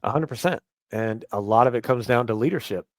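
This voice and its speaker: A man from the United States, a guest on a podcast who trains police officers, explaining his views in an earnest, measured way. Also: medium pitch, dry recording. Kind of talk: casual podcast interview.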